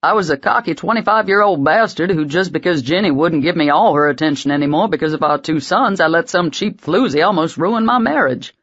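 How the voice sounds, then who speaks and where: A woman doing a gruff old grandpa. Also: fairly low pitch, brisk, few pauses, a bit bright, muffled recording. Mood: gruff advice. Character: gruff old Southern grandfather, blunt but kind.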